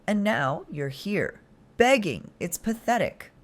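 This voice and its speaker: A woman voicing a cruel, contemptuous man who mocks in a calm, drawn-out way, in a story read aloud. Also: mid-range voice, pitched above the performer's own voice. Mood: cold mockery. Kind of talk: scripted story narration.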